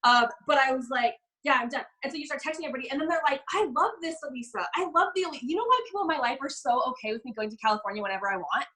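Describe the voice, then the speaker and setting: A young woman coaching a live online group, telling stories in an animated way and acting out the people she quotes. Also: high-pitched, low-quality recording. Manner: fast, bubbly, animated storytelling with quoted voices. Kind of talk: live business coaching session.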